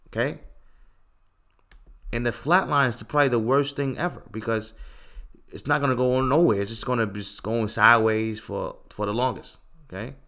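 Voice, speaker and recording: Blunt, emphatic livestream host man. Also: medium pitch. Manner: blunt, repeats "okay" and "bro" often; lectures emphatically, gets louder when making a point. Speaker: livestream host answering chat. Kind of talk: casual livestream commentary.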